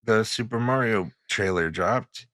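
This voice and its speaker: A man's voice: fairly low pitch, unhurried, sharp tone, dry recording, studio quality. A man co-hosting a podcast in casual chat, blunt and swearing freely. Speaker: podcast co-host.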